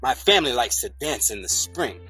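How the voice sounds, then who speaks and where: A reader reading a children's picture book aloud in a slow, sing-song way. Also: medium pitch, very animated, pushed and bright, slightly rough, faint music behind. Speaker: storybook reader.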